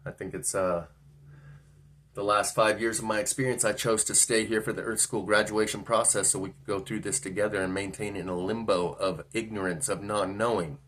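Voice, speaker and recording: A man's voice: lowish voice, fairly even intonation, moderate pace, fairly bright tone, a little hiss or hum. A man telling a personal story in a rambling, musing monologue, often asking himself questions. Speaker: vlogger.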